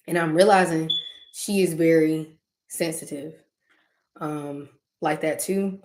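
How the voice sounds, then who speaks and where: A woman hosting her channel, chatting casually with viewers about spiritual matters. She tells stories in an animated way and acts out her own reactions. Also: low-pitched, unhurried. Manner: uses casual slang, talks directly to listeners. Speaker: channel host talking to viewers.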